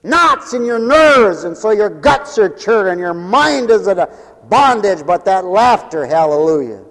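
Fervent high-voiced male preacher in a hall. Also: very animated, measured pace, fairly bright tone. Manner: fervent, swings from high exclamations to low muttered asides; repetitive, rhythmic phrasing with interjected hallelujahs. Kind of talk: revival sermon. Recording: long hall reverb.

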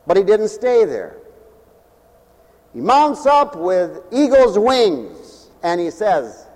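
A male preacher delivering an animated, joking sermon, swinging between loud calls and hushed asides. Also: sits high, takes it slowly. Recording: long hall reverb.

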